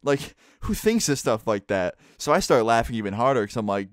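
A young man casually telling a story to his vlog audience, relaxed and chatty with plenty of "like" fillers. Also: mid-range voice, a little fast, few pauses, clear, resonant tone, no room sound, studio quality. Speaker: vlogger.

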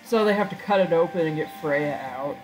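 A woman's voice: low-pitched, a little fast, a little mellow, faint music behind, poor audio. A woman chatting casually and making joking asides while she plays a video game. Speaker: let's-play gamer. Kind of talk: casual gameplay commentary.

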